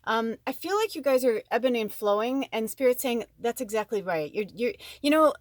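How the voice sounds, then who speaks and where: A woman's voice: fairly high pitch, expressive, moderate pace, no echo, clean studio sound. Chatty, encouraging woman reading cards. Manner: chatty, rambling, with frequent ums and laughs; loving, encouraging toward viewers. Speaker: spiritual medium doing a card reading. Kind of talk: casual channeled card reading.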